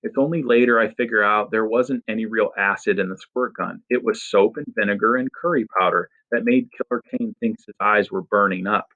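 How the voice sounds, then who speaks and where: Low-voiced man reading a story. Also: a little fast, few pauses, sharp tone, highs cut off. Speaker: audiobook narrator. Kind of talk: first-person storybook reading.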